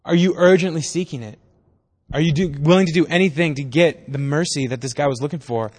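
A man's voice: on the high side, fairly quick, darkish tone, long reverb tail. A man pastor giving a casual, conversational sermon in a church. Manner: casual, conversational preaching with acted-out voices.

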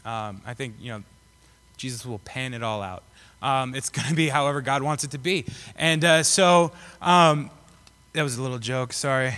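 A man's voice: mid-range voice, normal speed, pushed and bright. A young man giving a casual, joking sermon to a live audience. He rambles with many fillers and asides. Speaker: pastor. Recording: long reverb of a hall.

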